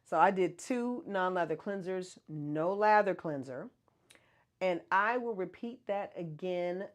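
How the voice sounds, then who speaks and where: Host, female, low-pitched, chatty livestream delivery. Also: expressive, a little slow. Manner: chatty, answers viewer comments, laughs often. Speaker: host of a hair care brand livestream. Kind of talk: casual livestream chat.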